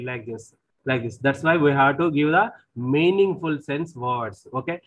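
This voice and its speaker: A man's voice: mid-range voice, measured pace, poor audio. A man with an Indian English accent giving a recorded lecture on programming, explaining step by step, often repeating himself and saying "see".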